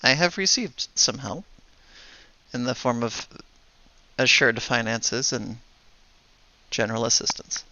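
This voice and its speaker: A man voicing a stern, weary widowed older sister, speaking quietly and hesitantly. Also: medium pitch, animated, no echo, highs cut off, exaggerated voice. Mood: measured. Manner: hesitant, quiet, many pauses.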